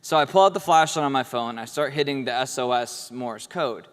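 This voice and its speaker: This award speaker, a man on an event hall stage, has a smooth, mid-range voice and talks fairly quickly. He tells a casual, humorous story and acts out the quoted lines, and the recording carries the echo of the hall.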